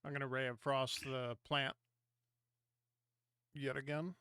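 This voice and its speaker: A man's voice: medium pitch, level tone, measured pace, sharp tone, clean tone, no room sound, clean studio sound. A man playing a tabletop game who plainly declares his attacks. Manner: blunt, declares actions plainly. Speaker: player.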